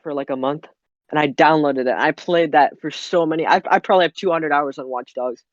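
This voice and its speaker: A man's voice: fairly high pitch, a little fast, no echo. A man co-hosting a casual gaming podcast, laid-back, mostly giving short replies. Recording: dull lo-fi mic.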